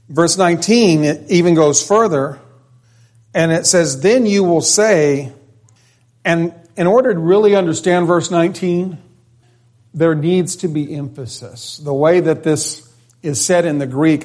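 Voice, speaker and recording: Slow-speaking male preacher. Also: a little high, darkish tone. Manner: reads scripture aloud, then stresses and repeats key phrases; thinks aloud with restarts and asides. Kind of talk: expository sermon.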